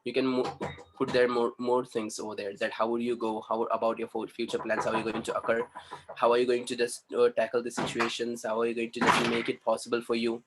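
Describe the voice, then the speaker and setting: A man's voice: mid-range voice, completely flat delivery, fast. A male trainer with a mid-range voice gives students feedback in an online lesson. He praises often and repeats himself. Faint noise sits under his voice. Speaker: communication trainer.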